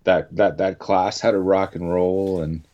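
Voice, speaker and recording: A Canadian man hosts a casual radio show, rambling and restarting his sentences as he goes. He talks very slowly in a lowish voice, and the sound is dull and lo-fi. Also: steady tone, warm tone. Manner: rambling, halting, many restarts.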